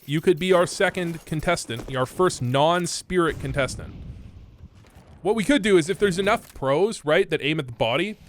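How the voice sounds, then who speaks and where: A man's voice: on the high side, animated, moderate pace. A young man from Canada giving casual, rambling commentary while reviewing gameplay, swearing and using lots of fillers. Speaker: gaming content creator. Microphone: desk microphone.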